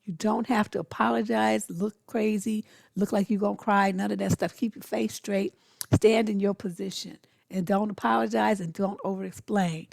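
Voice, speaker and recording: A middle-aged woman talks straight to the listener as a dating coach, blunt and sassy. Her voice has a gravelly edge at the bottom. The sound is dry, as if the mic sits close in a small, dead room. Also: medium pitch, fairly even intonation, darkish tone, dry recording. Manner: blunt, sassy, acts out quick dialogues. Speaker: relationship coach. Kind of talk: casual advice monologue.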